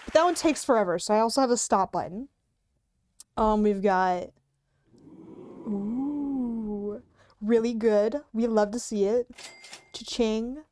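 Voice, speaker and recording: A woman's voice: a little high, normal speed, darkish tone, a faint crowd, slight background noise. A woman streamer rambling casually and giggling while showing off sound effects and voice changer settings. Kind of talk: casual livestream chat. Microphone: headphones beneath a hat.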